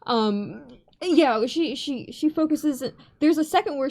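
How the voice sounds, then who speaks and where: High, lively woman player. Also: measured pace, few pauses. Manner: lively, playful, laughs often. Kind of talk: tabletop role-play.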